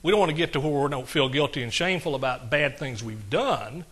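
A man's voice: medium pitch, fast talker, fairly bright tone, slightly rough. A man preaching a sermon, folksy and conversational, with asides to his congregation. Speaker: pastor.

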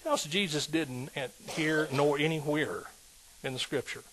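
Man preaching, high voice, animated call-and-response. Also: normal speed, background noise. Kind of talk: sermon.

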